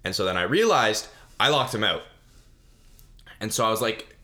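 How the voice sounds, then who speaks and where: A man's voice: fairly low pitch, lively intonation, normal speed, pauses often, bright, forceful tone. A young man hosting a solo podcast, telling a funny story in a rambling, self-mocking way with lots of fillers and restarts. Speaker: podcast host.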